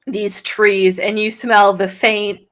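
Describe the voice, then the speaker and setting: A woman's voice: medium pitch, flat delivery, slow pace, a bit bright. A woman playing a tabletop role-playing game, giggly and hesitant with fillers. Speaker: player. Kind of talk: casual tabletop play. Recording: faint music behind.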